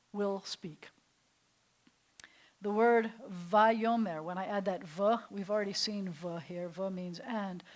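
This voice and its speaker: A woman's voice: medium pitch, low-quality recording. Enthusiastic woman rabbi teaching a class. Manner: enthusiastic, drops to soft breathy whispers on key phrases. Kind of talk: classroom lesson. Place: synagogue classroom.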